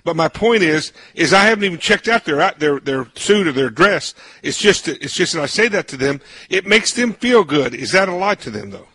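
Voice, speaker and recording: A man hosting a radio interview, talking in a folksy, roundabout way and repeating words as he goes. His voice is bright and pitched a little high, with a husky edge. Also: expressive, fairly quick, hardly any pauses, no echo. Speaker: radio host.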